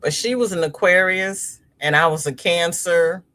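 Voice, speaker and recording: On her casual crochet livestream, a middle-aged woman talks at a moderate pace in a fairly low voice. She's an animated storyteller who laughs a lot while reading and answering viewers' comments.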